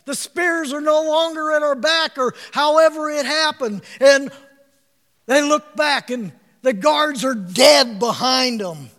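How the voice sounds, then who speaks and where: A man preaching an emphatic sermon, calling out to his listeners for responses and breaking into shouts. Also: very high-pitched, unhurried, big-room sound.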